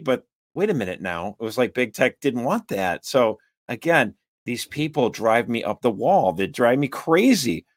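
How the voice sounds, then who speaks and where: A man hosting a political talk show, speaking in an animated, emphatic and exasperated way. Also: medium pitch, normal speed, no echo. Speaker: podcast host.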